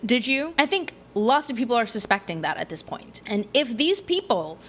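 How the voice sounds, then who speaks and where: A woman with a somewhat high voice hosts a political commentary podcast. She sounds fired up and opinionated, pushing her points hard. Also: sing-song, normal speed, a bit bright. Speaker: podcast host.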